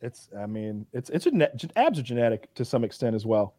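A man's voice: medium pitch, big pitch swings, a little fast, mellow, no room sound. A man hosting a podcast, chatting casually and rambling through stories with plenty of swearing and restarts. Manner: rambling, profane storytelling with many restarts. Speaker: podcast host. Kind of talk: casual chat.

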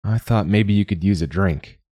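A man voicing a tall, lonely younger man who speaks quietly and calmly. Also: low voice, normal speed, dry recording, clean studio sound. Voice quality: quiet, soft-spoken.

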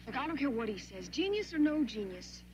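A woman's voice: high-pitched, very animated, a little fast, crowd noise. A woman acting in a film scene, indignantly accusing a man. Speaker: film character.

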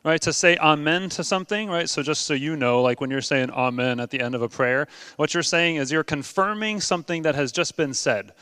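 Earnest man preaching, smooth and dry. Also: a little high, lively intonation, fairly quick, hardly any pauses, pushed and bright, no room sound. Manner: earnest, with frequent ums and uhs. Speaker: pastor. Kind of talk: sermon.

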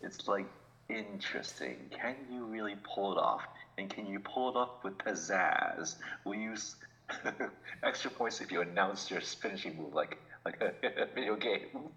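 A man's voice: lowish voice, lively intonation, normal speed, sharp tone. A man co-hosting a podcast, chatting casually and laughing often as he jokes along. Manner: laughs often, chuckling banter. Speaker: podcast co-host. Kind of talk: casual chat. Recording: dull lo-fi sound.

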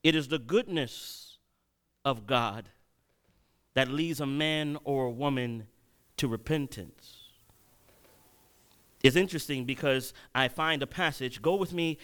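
A man preaching a sermon, telling a personal story and swinging between loud and hushed delivery. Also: mid-range voice, slow pace, pauses often.

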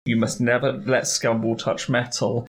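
A man with a gravelly, creaky edge to his voice chats about a novel with his co-host. He speaks haltingly, agrees often and breaks into easy laughter. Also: medium pitch, level tone. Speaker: podcast co-host. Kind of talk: casual book discussion.

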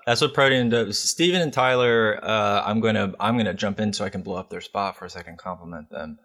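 A man with a very deep voice co-hosts a podcast. He talks casually, and his sentences wander through stacked fillers and restarts. He swears offhandedly. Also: brisk, a bit bright. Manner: rambling, loose, swears casually. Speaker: podcast co-host.

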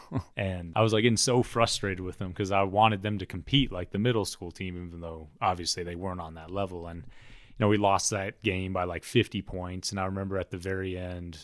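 A man's voice: low-pitched, no room sound, studio quality. A man co-hosting a podcast, telling loose, rambling stories in casual chat. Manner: loose, rambling storytelling with frequent "like". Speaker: podcast co-host.

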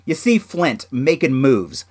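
Animated, chatty man with a bouncing voice. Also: medium pitch, takes it slowly. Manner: laid-back and chatty, full of "like" and "dude"; excitable, voice jumping up and down. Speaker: toy collector reviewing action figures. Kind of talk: casual chat to camera.

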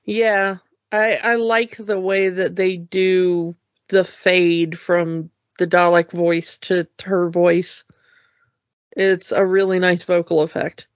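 A podcast co-host in casual chat, relaxed and easygoing, who peppers every thought with "you know". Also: mid-range voice, slow, dry recording. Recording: dull lo-fi sound.

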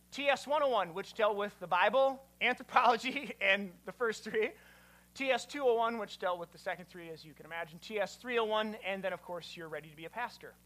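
A man, a pastor, giving an animated teaching sermon and quizzing his listeners. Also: high voice.

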